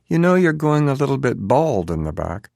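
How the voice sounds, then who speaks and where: A woman's voice: very deep voice, wildly swooping pitch, brisk, gravelly, husky, no room sound, clean studio sound, pitched above the performer's own voice, full character voice. A man voicing a cold, scheming woman who talks in a falsely friendly, needling way. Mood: falsely sweet.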